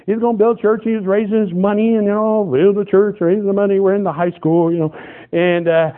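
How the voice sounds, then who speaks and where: A middle-aged man preaching a sermon, his voice sitting a little high. He tells stories with animated energy and breaks into loud, excited outbursts. The sound is thin and tinny, like a phone line. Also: fast talker. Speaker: pastor.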